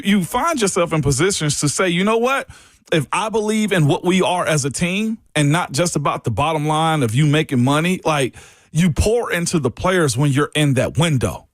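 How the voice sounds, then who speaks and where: A man co-hosting sports radio talk, giving animated, emphatic opinions. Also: fairly high pitch, no room sound, clean studio sound.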